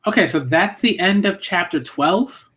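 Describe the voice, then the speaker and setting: A man's voice: high voice, animated, a little slow, fairly bright tone. A man giving casual, rambling live-stream commentary while reading a manga, full of fillers and swearing. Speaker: manga reviewer streaming a read-through.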